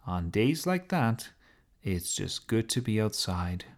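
Low calm guy reading a kids story, slow, really expressive. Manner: gentle, unhurried reading. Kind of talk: children's story narration.

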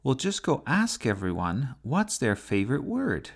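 A man voicing an earnest, curious young boy in a children's storybook reading, his voice raised high. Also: huge pitch swings, a little slow, vocal fry, heavily acted.

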